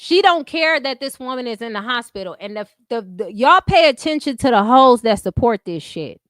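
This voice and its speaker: A woman's voice: on the high side, animated, moderate pace, fairly bright tone, dry recording, studio quality. A woman hosting an unscripted commentary stream, talking bluntly with heavy profanity and repeating her catchphrases.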